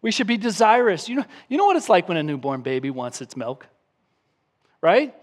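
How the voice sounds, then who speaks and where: A man's voice: sits high, big pitch swings, fast. A man preaching a sermon as pastor, reading scripture aloud and building points with emphatic repetition. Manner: emphatic preaching, acts out a crying baby with shouts.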